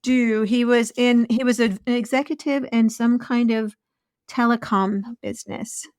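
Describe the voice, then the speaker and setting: A woman's voice: a little high, fairly even intonation, moderate pace, a little mellow, clear, resonant tone, dry recording, clean studio sound. A woman co-hosting a podcast, chatting casually, laughing easily and recalling stories. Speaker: podcast co-host, former escort. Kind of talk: casual chat.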